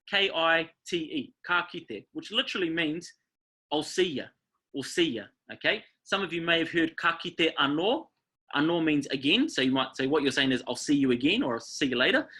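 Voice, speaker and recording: A man's voice: a little high, bright, forceful tone. A man with a New Zealand accent, presenting an online workshop in an upbeat, coaching way and often checking in with his listeners.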